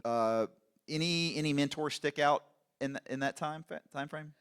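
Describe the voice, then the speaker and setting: A man's voice: fairly high pitch, normal speed, a bit bright, clear, resonant tone. A man hosting an interview, prompting his guest in a friendly, conversational way. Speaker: host and instructor.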